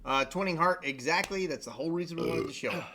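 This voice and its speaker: Dude cohost throwing in crude jokes, bright voice with a bit of hiss behind. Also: male voice, fairly high pitch, fast. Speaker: show co-host. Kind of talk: casual profane banter.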